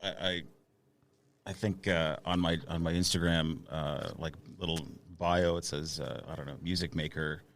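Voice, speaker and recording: A man's voice: low voice, little pitch movement, moderate pace, a bit bright. A man in his thirties, a musician guest on a casual podcast, talking with hesitant fillers and restarts.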